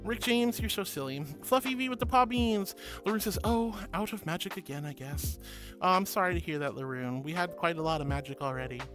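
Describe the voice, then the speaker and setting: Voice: mid-range voice, fairly quick, a bit bright. A VTuber streamer casually reading viewer messages aloud, playful and giggly, calling people sweetie and honey. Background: music playing.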